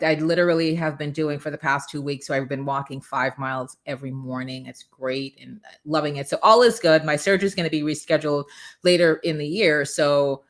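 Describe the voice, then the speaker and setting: A woman hosting a live motivational morning show, coaching viewers and greeting them by name in an energetic, preachy way. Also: low-pitched. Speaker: host.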